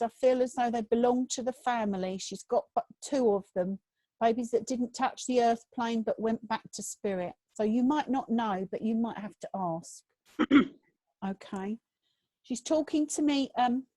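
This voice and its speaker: Woman medium on a video call: chatty, reassuring, slightly high, dry and close. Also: mellow, no room sound, low-quality recording. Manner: chatty, reassuring, relays messages. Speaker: spiritualist medium.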